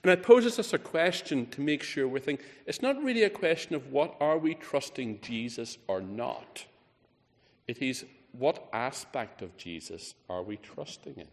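Lively preacher in an echoing hall. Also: male voice, moderate pace. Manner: emphatic, rising on key words and dropping low at phrase ends. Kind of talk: sermon. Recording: reverberant hall.

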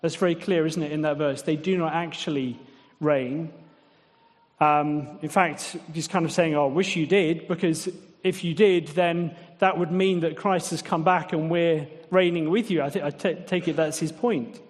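A man's voice: a little high, fairly even intonation, normal speed. A man preaching a sermon in a conversational, wry way, often putting rhetorical questions to the congregation. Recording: long echoing reverb of a large hall.

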